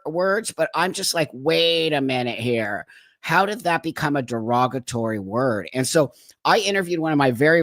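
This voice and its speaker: A man's voice: a little high, fairly bright tone, no echo. Man, stream host; chatty and emphatic, keeps asking "okay?", dry recording. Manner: chatty, laughs often, keeps checking in with "okay?"; frank, emphatic. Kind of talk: casual talk to viewers.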